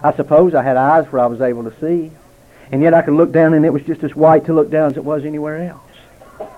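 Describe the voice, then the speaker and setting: A man in his forties preaching a dramatic testimony sermon, slowing and dropping almost to a hush for emphasis. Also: fairly high pitch, fairly even intonation. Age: 40s. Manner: dramatic, slows and drops to near quiet for emphasis. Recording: tinny phone-like sound.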